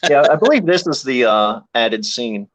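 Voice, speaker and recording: A man's voice: mid-range voice, animated, moderate pace. A man in a casual movie commentary, easygoing and adding behind-the-scenes facts.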